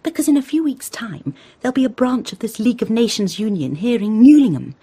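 A woman's voice: on the high side, lively intonation, brisk, warm tone, slightly rough. Earnest, idealistic young woman Madge. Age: young adult. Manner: earnest, urging, persuasive. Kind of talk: radio play acting.

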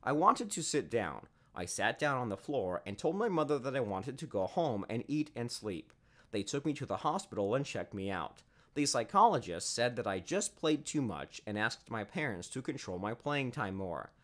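A man's voice: medium pitch, sing-song, moderate pace. A man narrating a first-person story in a scripted storytelling manner.

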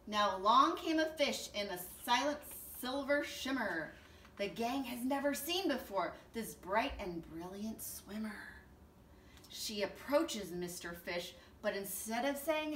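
A woman teacher reading a picture book aloud to children in a slow, expressive storytelling voice. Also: a little high, slight background noise. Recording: roomy echo, distant mic, faint ambience.

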